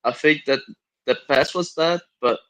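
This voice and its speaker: A man's voice: on the high side, unhurried, a bit bright, no room sound, rough recording. A man co-hosting a football chat stream, breaking down plays in an analytical way. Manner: analytical, interjecting. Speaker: co-host.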